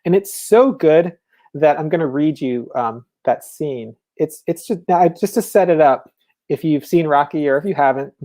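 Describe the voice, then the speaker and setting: A novelist giving a casual, enthusiastic talk on writing, speaking conversationally with many fillers. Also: male voice, a little high, moderate pace, dark tone.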